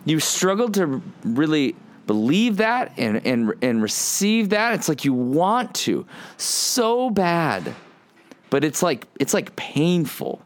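A man in his forties giving an earnest podcast sermon, often restarting his sentences and building to animated emphasis. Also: on the high side, takes it slowly. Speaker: podcast pastor.

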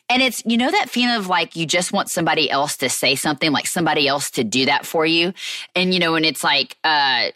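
Low-voiced woman telling her own story. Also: lively intonation, a little fast, pushed and bright, dry recording. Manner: candid, rambling, many restarts and "like". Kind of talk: personal storytelling, casual monologue.

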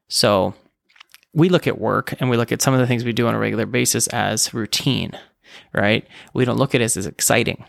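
Gravelly-voiced man hosting a podcast. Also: medium pitch, moderate pace, no echo, clean studio sound. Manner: relaxed, conversational, with fillers and self-corrections. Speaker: podcast host. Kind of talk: casual solo podcast talk.

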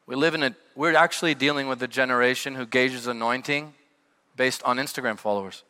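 A middle-aged male pastor preaching a sermon, telling stories with sudden shouted peaks and quieter asides. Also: mid-range voice, brisk, clean tone. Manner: animated storytelling with shouted peaks and dropped asides. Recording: long hall reverb.

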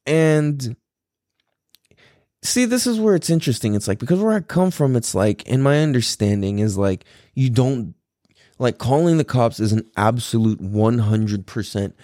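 A man hosting a podcast, telling a personal story in a rambling, profane way and acting out quotes with sudden high pitch jumps. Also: lively intonation, normal speed, warm tone, dry recording, clean studio sound. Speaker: podcast host. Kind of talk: casual storytelling monologue.

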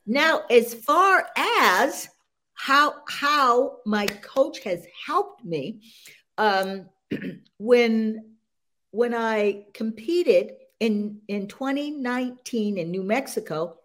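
An older woman, a senior sprinter, telling her story as an interview guest, animated and laughing often as she talks. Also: fairly high pitch, extremely slow, slight background noise.

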